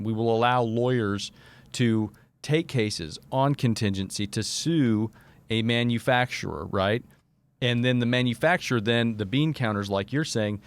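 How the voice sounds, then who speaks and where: A man hosting a live talk show, rambling and animated, repeating words as he builds a point. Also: mid-range voice.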